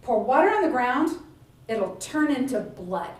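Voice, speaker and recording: Woman doing god in a burning bush, calm and reassuring, kinda casual, echoey and off-mic. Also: sits high, measured pace. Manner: reassuring, matter-of-fact, casual phrasing. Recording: echoey room, voice heard from a distance.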